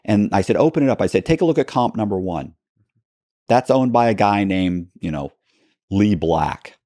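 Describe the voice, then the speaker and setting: A man telling a story as an interview guest, acting out quoted dialogue with halting restarts. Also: lowish voice, expressive, mellow, no echo, studio quality.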